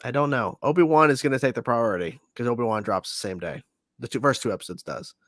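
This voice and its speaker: A man's voice: medium pitch, fast, fairly bright tone, no room sound, studio quality. A man hosting a casual livestream chat, hesitant and unsure, often trailing off with "I don't know.". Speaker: host.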